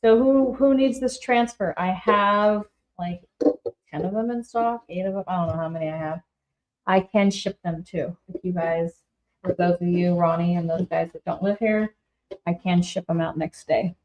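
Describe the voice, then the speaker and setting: A shop owner hosts a casual live DIY painting demo, chatting upbeat straight to her viewers and calling them by name. Her voice is fairly low, steady, a little mellow and at a moderate pace, though the audio is poor.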